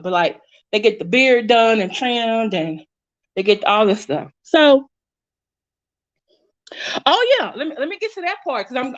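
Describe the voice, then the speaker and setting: A woman's voice: on the high side, a bit bright, muffled recording. A woman giving casual, blunt commentary, chatty and often restarting her sentences. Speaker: commentary YouTuber.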